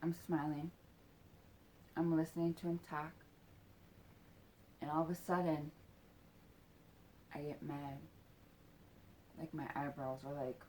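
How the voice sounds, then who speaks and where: A woman in her forties slowly unpacks an intense personal memory. Her voice sits slightly low and her pace drags, with long pauses. She swears freely, her voice surges when she is angry and then sinks almost to a whisper. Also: little pitch movement, mellow, a little hiss or hum. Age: 40s. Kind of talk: emotional personal storytelling.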